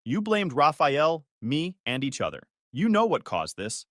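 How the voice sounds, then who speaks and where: A man's voice: on the high side, huge pitch swings, a little slow, fairly bright tone, dry recording, clean studio sound, full character voice. A man voicing a blunt young woman who firmly calls out her family. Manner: firm, blunt.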